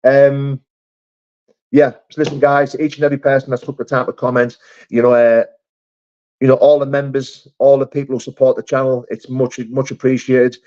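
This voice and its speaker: A man's voice: medium pitch, little pitch movement, normal speed, a little mellow. A man hosting a casual live chat, reading viewer comments in a matey, chummy way. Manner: chatty, matey, calls viewers mate and brother. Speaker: live stream host. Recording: dull lo-fi stream audio.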